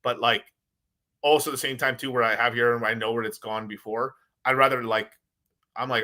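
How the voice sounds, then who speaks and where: A man's voice: medium pitch, steady tone, a little fast, bright, forceful tone. A man hosting his own crypto video, rambling in a loose, profane rant with lots of swearing and laughter. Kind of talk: casual profane rant to camera.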